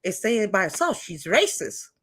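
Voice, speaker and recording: A woman on a livestream chat who talks in an animated, preachy and emphatic way, with a faint hiss of background noise. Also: medium pitch, moderate pace. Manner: animated, preachy and emphatic, says she feels hyper.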